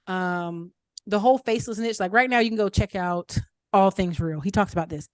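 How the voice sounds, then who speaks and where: A woman's voice: mid-range voice, a little fast, no echo. A woman answering questions in a casual group coaching session, chatty and full of fillers, repeating her points for emphasis. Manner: upbeat advice-giving, repeats points for emphasis. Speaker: mastermind group speaker. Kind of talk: casual Q&A coaching on an online call.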